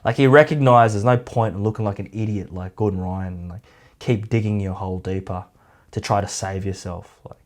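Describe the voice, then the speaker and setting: A man's voice: lowish voice, steady tone, a little fast. A man giving a casual, rambling commentary, full of "like" and mocking asides. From Australia. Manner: rambling, heavy use of "like", mocking. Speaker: YouTube commentator.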